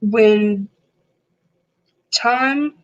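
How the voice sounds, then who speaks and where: A woman's voice: on the high side, extremely slow, lo-fi sound. Earnest young woman talk show guest. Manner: earnest, reflective. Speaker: guest, host's daughter. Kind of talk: casual chat.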